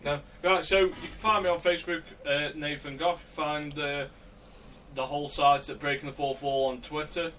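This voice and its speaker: A man's voice: a little high, flat delivery, normal speed, a bit bright. A man co-hosting a casual podcast who needles his co-hosts sarcastically. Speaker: podcast co-host. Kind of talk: casual banter. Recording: distant mic with faint background noise.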